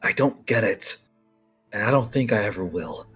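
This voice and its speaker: A man voicing a fiercely protective, brooding non-human male companion in a low, menacing tone. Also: expressive, normal speed, fairly bright tone, husky, faint music behind, exaggerated voice. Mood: bitter.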